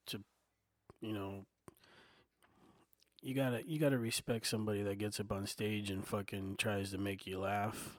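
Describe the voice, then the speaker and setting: A man with a fairly low voice rants into a desk microphone, swearing freely and dropping "you know" into nearly every sentence. He sounds heated but loose, like an unscripted solo podcast. The sound is close and dry, with no room echo. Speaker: podcast host. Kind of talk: casual solo podcast rant. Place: home desk. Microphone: desktop microphone and recorder.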